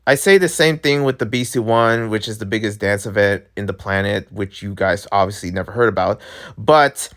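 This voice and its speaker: A young man who makes gaming videos, talking straight to his viewers in a casual, excitable rant. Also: on the low side, moderate pace. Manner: animated, excitable, talks to viewers directly. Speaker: gaming YouTuber.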